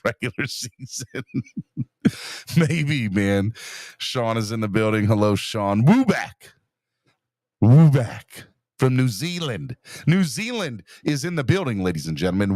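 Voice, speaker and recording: Lively low-voiced podcast host. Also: male voice, no echo, studio quality. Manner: upbeat, greets chat viewers by name. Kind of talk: casual live-stream chat.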